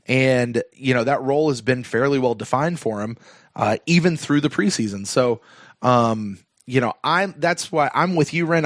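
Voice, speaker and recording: A man's voice: mid-range voice, dry recording, studio quality. Man casually chatting football on a podcast. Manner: rambling, lots of fillers and restarts. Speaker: podcast co-host. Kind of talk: casual fan podcast chat.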